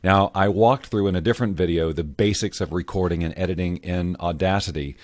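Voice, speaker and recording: A man walking viewers through audio editing software in a relaxed, rambling tutorial style, wearing headphones at his mic. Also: low voice, a little fast, no echo. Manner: relaxed, rambling explanations with fillers. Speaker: voiceover tutorial host. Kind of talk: casual screen-recorded software tutorial. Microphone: headphones on, studio-style mic.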